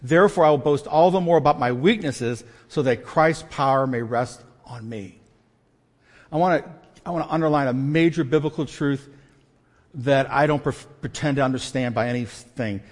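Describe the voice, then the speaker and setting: A man preaching a sermon as pastor, emphatic and dynamic, shifting between loud stresses and quiet asides with self-deprecating humor. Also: on the high side. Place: church sanctuary. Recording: long church reverb.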